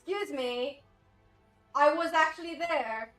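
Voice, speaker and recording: A woman streaming a game live, reacting with excitable outbursts and frequent laughter. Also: sits high, measured pace, faint music behind.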